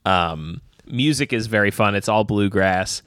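A young man co-hosting a film podcast, talking in an animated, laughing way with lots of "like.". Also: on the low side, unhurried, no echo, studio quality. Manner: animated, laughing, heavy on fillers like "like". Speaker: podcast co-host. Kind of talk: casual film chat.

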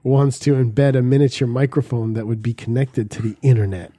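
Mellow-voiced man reading news with jokes. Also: medium pitch, steady tone, brisk. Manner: jokey, drops into silly put-on voices. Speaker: podcast co-host. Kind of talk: crude casual banter, reading a news article.

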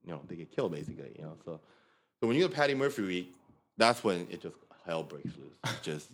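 A man's voice: low-pitched, fast. Casual man telling frat stories. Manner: animated, acts out quotes in the story. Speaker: podcast guest. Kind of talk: casual storytelling.

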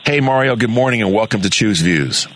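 A man's voice: on the low side, lively intonation, a little fast, fairly bright tone. A man hosting a radio talk show, speaking casually and directly to his listeners. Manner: friendly, conversational, addresses listeners as guys.

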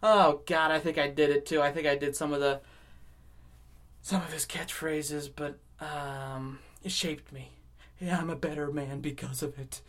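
A man hosting a podcast alone, rambling casually with constant swearing and swings between loud outbursts and low mutters. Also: fairly even intonation, measured pace. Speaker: podcast host. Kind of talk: casual rambling solo monologue.

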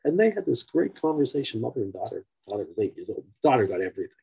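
A man's voice: on the low side, big pitch swings, rapid-fire, creaky, hardly any pauses, husky, muffled recording. A man teaching through a story in a loose, conversational way, with frequent fillers and asides. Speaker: teacher of a personality-type framework. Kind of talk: storytelling lecture.

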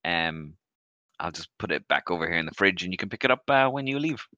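A man voicing a hesitant young male shop lad in a tabletop game, full of ums and pauses. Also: low-pitched, expressive, pushed and bright, dry recording, muffled recording.

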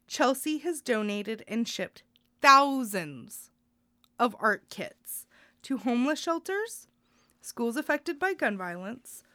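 A young woman with a fairly high voice chats casually as a podcast co-host. She is earnest and heartfelt and often rambles. The sound is close and dry. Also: bright, forceful tone, no echo. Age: young adult. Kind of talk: casual news chat.

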